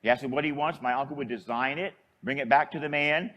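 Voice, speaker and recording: A man's voice: medium pitch, fast talker, fairly bright tone, highs cut off. A man, a priest, telling a story in a homily in a folksy, conversational way.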